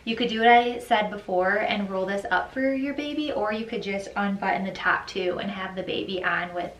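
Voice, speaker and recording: Talking about her outfits in a relaxed try-on chat, a young new mom speaks at medium pitch and a moderate pace with a slightly bright tone. Her speech is packed with "like" and "um," recorded from a distance in an echoey room with faint noise.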